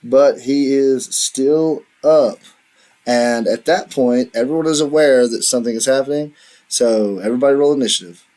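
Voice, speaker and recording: A man narrating a tabletop game as dungeon master, describing the scene in a halting way with fillers. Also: medium pitch, a little mellow. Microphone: online voice chat.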